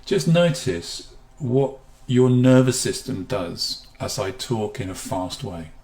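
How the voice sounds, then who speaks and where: A man presenting a live online health seminar from a room at home. He slows and softens his voice to show how calm speech feels. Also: medium pitch, echoey room. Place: room at home with a guitar behind.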